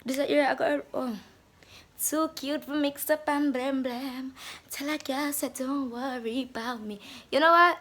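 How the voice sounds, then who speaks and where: Young Jamaican woman, slightly high voice, playful, animated vlog host. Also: measured pace. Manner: playful, animated, slips into patois. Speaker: vlogger. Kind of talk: casual vlog chat to camera.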